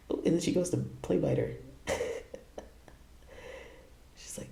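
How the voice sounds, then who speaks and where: A man's voice: medium pitch, lively intonation, takes it slowly, vocal fry, pauses often, dark tone, reverberant, slight background noise. A man hosting a casual reaction video, laughing often and tossing out playful asides.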